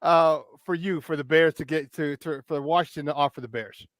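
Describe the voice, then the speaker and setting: A man co-hosting sports talk radio, telling animated stories and firing off questions. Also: on the high side, no room sound. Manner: animated storyteller, asks rapid questions.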